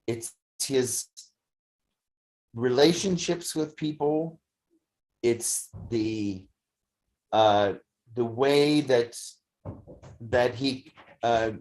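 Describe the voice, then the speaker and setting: A teacher leads a study class at an unhurried, deliberate pace, with a voice of middling pitch. The delivery is halting and reflective, full of fillers and restarts as the thoughts take shape. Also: darkish tone. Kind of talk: slow, thoughtful lecture. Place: study session streamed on video call.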